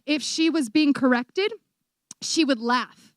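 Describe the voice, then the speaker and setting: High-voiced young woman telling an animated testimony. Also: slow pace, dry recording, studio quality. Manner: animated storytelling, acts out quoted voices. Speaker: missionary speaker. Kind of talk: testimony talk to a church audience.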